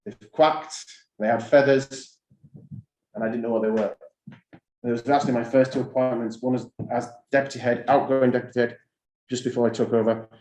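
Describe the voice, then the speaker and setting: A middle-aged school head gives a conference talk to fellow heads, speaking conversationally with anecdotes and repeating key phrases for emphasis. His mid-range, slightly mellow voice is flat and fairly quick. The setting is a school hall or conference room with roomy acoustics.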